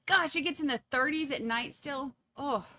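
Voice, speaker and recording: A woman's voice: high-pitched, normal speed, pushed and bright, dry recording. A woman, chatting casually and laughing as she reads viewer comments at home. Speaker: livestream host.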